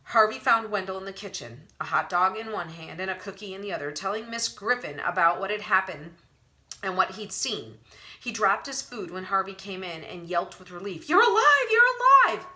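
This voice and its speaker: A woman's voice: medium pitch, moderate pace, sharp tone. A woman reading a storybook aloud as narrator, telling the story with expression. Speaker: audiobook narrator. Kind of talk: audiobook narration.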